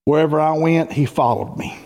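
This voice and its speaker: A man's voice: on the high side, a little fast, creaky, darkish tone. A man preaching a folksy sermon as pastor, building to emphatic peaks. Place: church sanctuary. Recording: long hall reverb.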